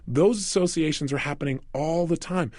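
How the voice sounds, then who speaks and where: A man talking through a recorded self-help program, animated, asking the listener questions and acting out quoted voices. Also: a little high, moderate pace, no room sound, studio quality. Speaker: motivational speaker.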